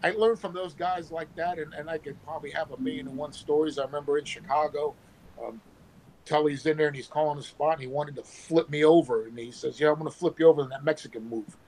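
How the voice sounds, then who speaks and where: A former pro wrestler telling animated stories with sound effects, talking on his phone from work. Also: a little high, fast, a little hiss or hum, poor audio. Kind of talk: casual storytelling.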